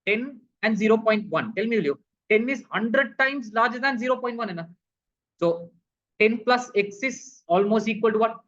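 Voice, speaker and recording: A man's voice: high voice, lively intonation, normal speed, a bit bright. A male physics teacher walking through a problem, asking questions and answering them himself, calling the students "people". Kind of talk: recorded physics lesson. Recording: dull lo-fi recording.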